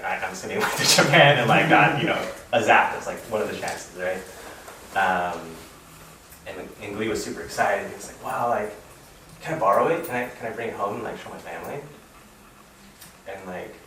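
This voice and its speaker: Here a man in his thirties, a fellowship speaker from Reno, Nevada, talks in a low, slightly bright voice. His casual sermon-style delivery wanders, leaning heavily on "like" and "you know," captured by a distant mic in an echoey, noisy room.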